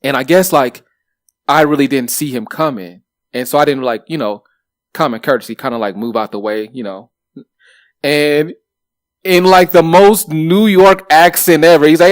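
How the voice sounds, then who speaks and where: A man in his thirties co-hosting a podcast, telling stories in a lively way with plenty of swearing and fillers. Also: a little high, moderate pace, no echo, studio quality. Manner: animated, swears freely, lots of fillers. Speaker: podcast co-host. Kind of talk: casual chat, storytelling.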